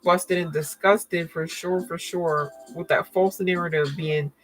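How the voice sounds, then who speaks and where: A woman with a somewhat low voice talks through a tarot reading in a loose, casual way. She is blunt and slangy, swears freely, and laughs between cards. Faint music plays under her voice. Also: poor audio. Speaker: tarot card reader.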